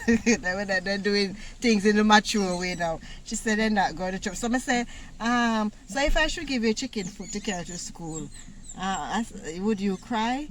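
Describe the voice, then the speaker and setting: A woman from Jamaica with a Jamaican accent, telling a personal story in a casual, animated way, laughing often and using patois words. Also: medium pitch, normal speed, a little hiss or hum. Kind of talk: casual story time monologue.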